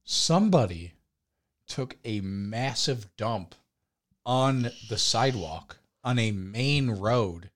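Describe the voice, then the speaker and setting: A young man casually telling a crude story on a podcast, laughing and shouting out the lines he quotes. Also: medium pitch. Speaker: podcast co-host.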